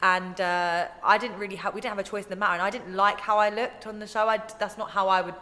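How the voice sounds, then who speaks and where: With a medium pitch and quick pace, a young woman chats as a guest, storytelling and mimicking what others said in lively voices. The casual exchange is captured in a roomy room with long reverb.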